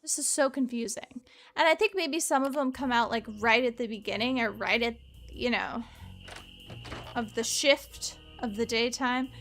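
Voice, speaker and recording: Chatty woman streamer, slightly high voice. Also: moderate pace, fairly bright tone, faint music behind. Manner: chatty, rambling asides to chat. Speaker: streamer playing a mystery game. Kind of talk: casual let's-play chat.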